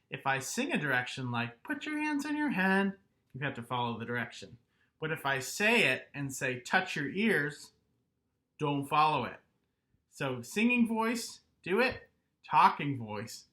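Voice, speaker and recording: Male kindergarten music teacher, animated pitch, slow deliberate delivery, encouraging. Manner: animated, encouraging, chants rhythms and claps along. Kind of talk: online music lesson for young children.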